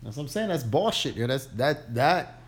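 A man's voice: medium pitch, very animated, normal speed. A man co-hosting a casual podcast, teasing his friend and spinning a wry theory. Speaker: podcast co-host. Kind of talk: casual chat.

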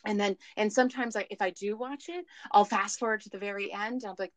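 A woman's voice: medium pitch, steady tone, quick pace, hardly any pauses, no room sound. A woman calling in as a guest, telling her personal story in a candid, emotional and rambling way over the phone. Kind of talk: candid recovery story chat. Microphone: phone call.

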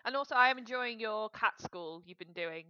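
A woman's voice: fairly high pitch, lively intonation, fairly quick, sharp tone, clean tone, dry recording, dull audio. A woman hosting a podcast, giggly and supportive in casual chat. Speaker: podcast host.

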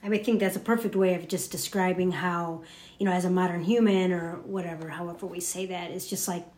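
A woman's voice: fairly low pitch, steady tone, brisk, darkish tone, reverberant, slight background noise. Reflective woman in casual talk. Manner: reflective, agreeing, casual with many fillers. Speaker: podcast co-host. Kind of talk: spiritual casual chat.

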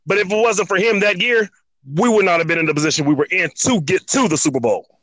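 A man's voice: sits high, quick pace, a bit bright, no echo, poor audio. A man co-hosting a sports podcast, earnestly defending his argument. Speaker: podcast co-host. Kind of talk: sports debate.

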